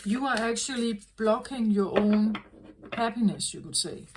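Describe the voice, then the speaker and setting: A woman tarot reader talking in a slow, earnest, reflective way, often repeating herself as she works through a thought. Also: fairly high pitch, slight background noise, poor audio. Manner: slow, repetitive, earnest, self-correcting. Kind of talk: reflective spoken reading.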